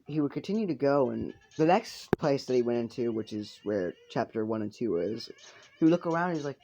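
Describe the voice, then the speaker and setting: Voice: mid-range voice, lively intonation, fairly quick, gravelly, mellow, low-quality recording. Rambling, profane casual storyteller. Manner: rambling, swears a lot, many fillers. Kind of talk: improvised fan-fiction narration. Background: faint video game music.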